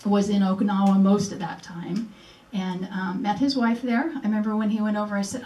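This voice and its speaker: A woman's voice: mid-range voice, steady tone, a little fast, hardly any pauses, mellow. An older woman giving an earnest personal speech at a museum event, acting out remembered conversations as she tells her story. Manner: earnest, acts out remembered dialogue. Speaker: speaker at a memorial event. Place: museum presentation room. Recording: echoey room, mic at a distance.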